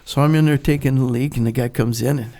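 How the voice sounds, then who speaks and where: Gravelly older man telling a war-veteran story. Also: medium pitch, fast talker. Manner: animated storyteller, acts out dialogue, laughs often. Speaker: guest, retired Navy SEAL. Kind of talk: storytelling in a podcast interview.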